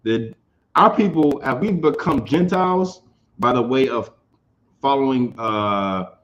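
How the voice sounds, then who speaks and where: A man's voice: medium pitch, measured pace, a bit bright, highs cut off. A man teaching an informal scripture class. He talks emphatically, repeats his phrases and keeps asking whether his listeners understand.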